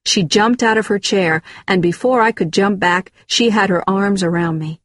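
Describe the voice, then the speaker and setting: A woman giving a measured, scripted narration of a first-person memoir. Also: medium pitch, no room sound, studio quality.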